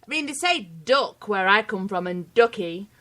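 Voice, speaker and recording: A woman's voice: mid-range voice, animated, moderate pace, a bit bright. A British woman co-hosting a casual chat, playful and teasing. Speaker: co-host.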